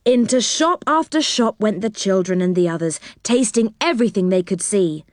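A woman reading a children's storybook aloud, gentle and expressive. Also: medium pitch, normal speed, no room sound, clean studio sound.

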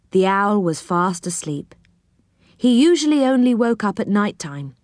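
A woman reads a children's storybook aloud at an unhurried pace, with lively, expressive rises and falls in her voice. The sound is close and dry. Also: medium pitch, dry recording. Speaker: narrator.

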